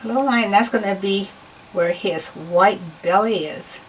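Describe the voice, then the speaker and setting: A woman's voice: medium pitch, unhurried, slight background noise. A woman giving a patient, step-by-step drawing lesson to children. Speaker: art teacher. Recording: voice a bit far from the mic.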